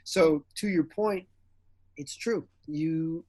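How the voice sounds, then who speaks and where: A man's voice: on the high side, normal speed. A man, an actor and director, chatting in an interview and telling stories animatedly. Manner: animated storyteller who acts out quotes, laughs often. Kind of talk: casual interview chat.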